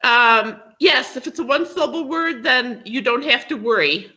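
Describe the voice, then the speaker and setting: A high-voiced woman with lively intonation speaks at normal speed, pushed and bright, as a guest on a video call. Her online pronunciation lesson covers English word stress, which she explains patiently in steps, checking in with frequent "okay?" prompts; the call audio is dull and lo-fi.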